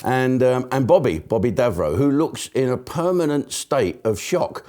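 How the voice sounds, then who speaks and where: A man's voice: mid-range voice, expressive, moderate pace, mellow. A man hosting a live show, delivering a chatty, rambling comic monologue full of swearing and asides. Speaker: host. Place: broadcast studio.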